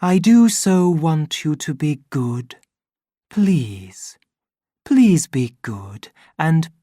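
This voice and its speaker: A man voicing a recorded crowd-control voice that speaks softly with gentle sorrow. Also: medium pitch, animated, slow pace, no room sound, clean studio sound. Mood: tender. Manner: soft, tender, pleading.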